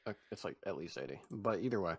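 A man's voice: low-pitched, animated, quick pace, gravelly, background noise. A young man hosting a casual gaming podcast in a laid-back, jokey way, with frequent restarts.

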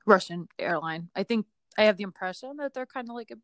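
A podcast co-host tells an aviation story in a chatty, casual style, laughing a lot and leaning on fillers and hedges. Her mid-range voice is expressive and fast, with no echo.

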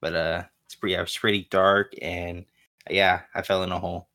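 A man's voice: sits low, flat delivery, moderate pace, sharp tone. A man co-hosting a casual gaming podcast, laid-back and hesitant, full of fillers as he recounts his play. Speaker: podcast co-host.

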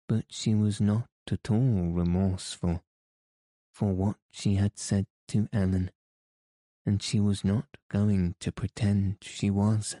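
A man narrating an audiobook in a measured, even reading voice. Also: fairly low pitch, no echo.

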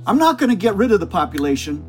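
A man's voice: high-pitched, very animated, fast talker, faint music behind, pitched above the performer's own voice. A man doing an impression of an older male doctor who speaks as if he were a scheming virus, in an emphatic, conspiratorial manner.

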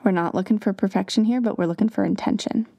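A woman's voice: mid-range voice, fast talker, creaky, dark tone, dry recording. A woman hosting a parenting advice podcast, talking in an earnest, conversational way and sometimes acting out what children say. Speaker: podcast host.

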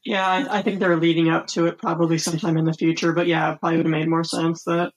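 A woman's voice: deep voice, flat delivery, quick pace, rough recording. A woman co-hosting a podcast, chatting casually with short, blunt replies and playful swagger. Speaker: podcast co-host. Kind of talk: casual chat recapping wrestling shows.

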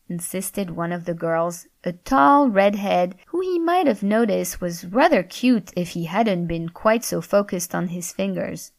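A woman's voice: medium pitch, gravelly. Woman narrating an audiobook story.

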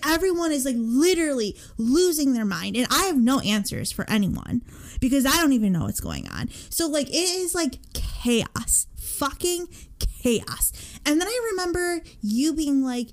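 A young woman in her twenties co-hosting a podcast, telling a story in a casual, animated way, with lots of swearing and "like" fillers. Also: sits high, moderate pace. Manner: animated, profane, many "like" fillers. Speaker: podcast co-host.

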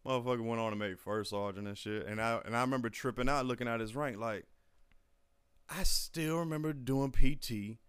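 A man's voice: medium pitch, fairly quick, clean tone, no room sound. A young man casually telling profane army stories and acting out his old drill sergeants. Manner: profane storytelling, acts out drill sergeants loudly. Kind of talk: casual chat.

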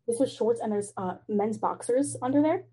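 A young woman on a video call, telling a story about a messy roommate in an animated way, swearing and saying "like" a lot. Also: fairly high pitch, normal speed, husky. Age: young adult. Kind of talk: casual chat over video call.

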